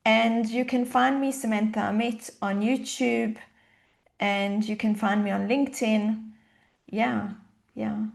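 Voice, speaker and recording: A woman with a slightly high voice and a touch of vocal fry speaks slowly. She is a coach chatting as a guest on a podcast, thoughtful and unhurried. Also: fairly even intonation. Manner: thoughtful, unhurried, repeats words as she gathers her thoughts. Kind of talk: casual interview chat.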